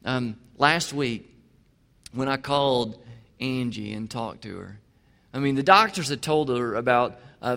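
A male pastor preaching a sermon, swinging from emphatic to quiet. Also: mid-range voice. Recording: long hall reverb.

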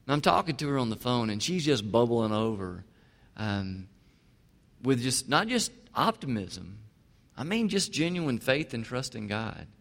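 A male pastor preaching a sermon, swinging from emphatic to quiet. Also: medium pitch, vocal fry. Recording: long hall reverb.

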